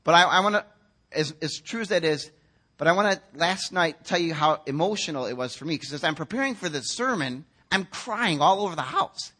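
A middle-aged man preaches from the pulpit in a high, bright voice. He is earnest and openly emotional, weaving personal stories into the sermon. He slips into quoted asides to act out what others say. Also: animated, brisk, slightly rough. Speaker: pastor.

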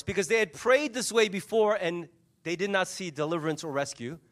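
A man preaching a sermon, telling the story with lively energy and acting out the voices of its people. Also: high voice. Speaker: pastor.

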